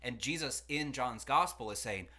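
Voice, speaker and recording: Bright-voiced man teaching casually. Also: mid-range voice, normal speed. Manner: conversational, animated, acts out quotes. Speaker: pastor and podcast host. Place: studio.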